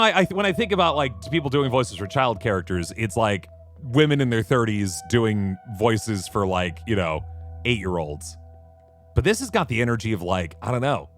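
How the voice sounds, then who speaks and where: Guy streaming a game, super animated voice, faint game music under him. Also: fairly low pitch. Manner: animated, chatty, playful. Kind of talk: let's play commentary.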